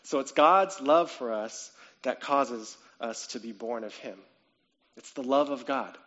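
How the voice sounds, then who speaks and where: A man's voice: mid-range voice, a little slow, muffled recording. A man preaching a sermon in a conversational way, often checking in with "okay?" and "right?" and lifting his voice on questions. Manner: animated, rising to excited questions. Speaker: pastor.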